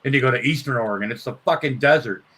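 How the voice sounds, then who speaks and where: A man's voice: medium pitch, very fast, husky. A man telling crude stories in casual chat, laughing and swearing as he talks. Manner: laughing, swearing, animated storytelling.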